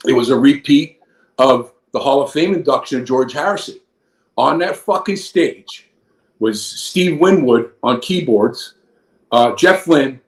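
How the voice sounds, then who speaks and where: A man in his fifties, a former wrestler, telling a long rambling story full of profanity. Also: medium pitch. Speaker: guest, former pro wrestler. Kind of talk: casual storytelling. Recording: echoey room.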